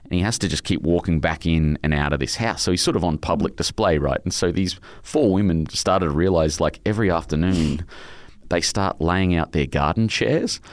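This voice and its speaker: A man's voice: deep voice, normal speed, dry recording, studio quality. A middle-aged Australian man, an author being interviewed, telling emotional stories in a rambling way with many restarts. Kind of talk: casual interview chat.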